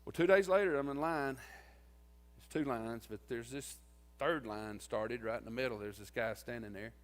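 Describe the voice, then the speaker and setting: A man's voice: mid-range voice, moderate pace. A man giving a eulogy at his wife's funeral, telling folksy stories and acting out what people said. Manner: folksy, tells stories and acts out quoted lines. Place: church sanctuary. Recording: long church reverb.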